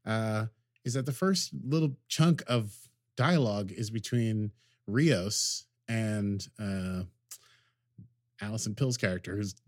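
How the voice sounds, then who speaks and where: A man's voice: lowish voice, slow, a little mellow, no room sound, studio quality. Jokey rambling man recapping an episode. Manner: rambling, jokey, acts out characters' lines. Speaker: podcast co-host. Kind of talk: casual recap chat.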